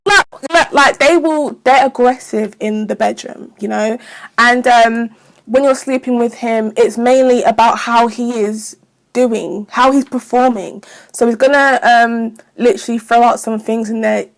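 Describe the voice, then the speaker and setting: A woman giving casual astrology advice in a frank, profane, chatty way. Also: on the high side. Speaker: astrology vlogger.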